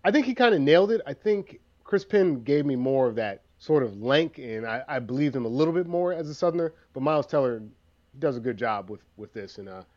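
A man's voice: mid-range voice, animated, brisk, a little mellow. Man, podcast co-host, casual film chat, hesitant delivery, dull lo-fi recording. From US East Coast. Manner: hesitant, restarts sentences. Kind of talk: casual movie-review chat.

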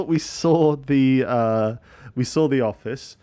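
A man's voice: medium pitch, takes it slowly, dark tone, clean tone. A Scottish man hosting a podcast in casual chat; he is sleep deprived, rambles, corrects himself and fills gaps with "um" and "uh". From Scotland. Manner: rambling, self-mocking, many fillers. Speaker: podcast host.

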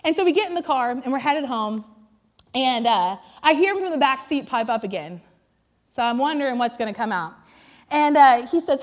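Woman, 30s, high voice, pastor's wife telling funny family stories from the pulpit, chatty and self-mocking. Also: lively intonation, normal speed. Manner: chatty and self-deprecating, with many "like" fillers. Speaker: pastor's wife giving a sermon. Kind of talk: humorous storytelling sermon. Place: on stage before a church congregation.

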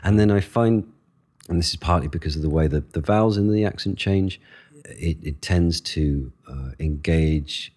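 A man with an extremely deep, husky voice talks through ideas in a relaxed interview. He is thoughtful and expressive, speeding up in bursts and then slowing to pick his words. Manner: thoughtful, expressive, quick bursts between pauses. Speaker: actor and guest. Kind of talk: conversational interview answers.

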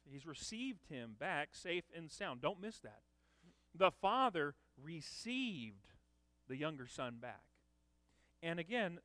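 A man preaching a sermon, emphatic, with loud dramatic peaks. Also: high voice, no echo. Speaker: pastor.

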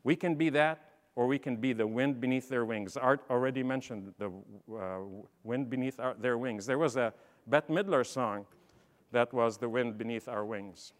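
A middle-aged man giving a motivational leadership talk, telling stories and swinging from quiet asides to loud, emphatic bursts. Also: medium pitch, normal speed. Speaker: speaker. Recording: long hall reverb.

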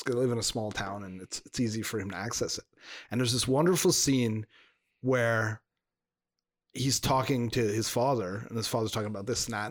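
Rambling man in casual podcast chat. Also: medium pitch. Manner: rambling storyteller with many restarts. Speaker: podcast co-host.

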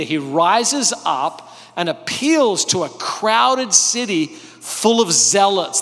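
A man delivering a sermon as a lively storyteller, his slightly raised voice carrying through a large hall with a long echo. He keeps jumping into the people of his story and acting them out. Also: high voice. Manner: animated storytelling, acting out characters. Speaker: pastor.

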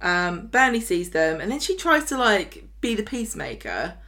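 A woman co-hosting a casual podcast, talking at an ordinary middle pitch. She recaps the week's episodes with sarcastic, rapid-fire asides. Her tone stays chatty and conversational. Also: very animated, pushed and bright. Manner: chatty, sarcastic, mocks characters in quick asides. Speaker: podcast co-host. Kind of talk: casual chat recapping a soap opera.

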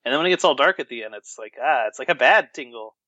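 A man's voice: mid-range voice, animated, fast, pushed and bright, no echo, dull audio. A man co-hosting a podcast, bantering and joking casually about a film. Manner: jokey, playful banter. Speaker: podcast co-host.

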